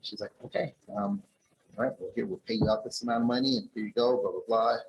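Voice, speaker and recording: A man's voice: medium pitch, steady tone, very fast, background noise. A man at a conference telling an audience a personal story, acting out the dialogue in a raised voice. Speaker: conference speaker. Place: conference ballroom.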